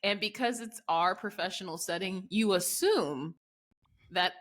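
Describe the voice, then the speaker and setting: A woman co-hosting a podcast in casual chat, blunt and swearing freely. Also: mid-range voice. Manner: blunt, swears freely, quick reactions and laughs. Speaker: podcast co-host.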